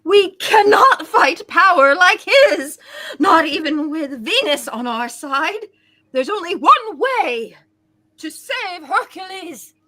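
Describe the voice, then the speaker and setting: A woman voicing a determined female superhero spy from a comic, reading her lines loudly and earnestly. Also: extremely high pitch, very animated, slow pace, heavily acted. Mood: resolute. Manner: loud, earnest overacting.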